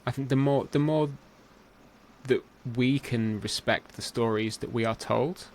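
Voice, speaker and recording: A man hosting a podcast, chatting casually and giving measured, emphatic opinions. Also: medium pitch, a little mellow, a little hiss or hum. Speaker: podcast host. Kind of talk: casual conversation.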